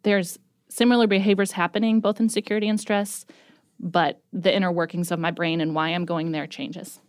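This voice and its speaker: A woman speaking thoughtfully and openly about her feelings in a casual conversation, measured and reflective. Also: on the low side, fairly even intonation, smooth, dry recording, studio quality.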